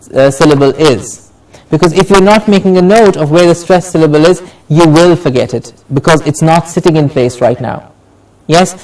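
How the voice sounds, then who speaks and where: A man teaching a pronunciation lesson, slowly repeating words and exaggerating the stressed syllables. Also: a little high, recorded from a distance, low-quality recording.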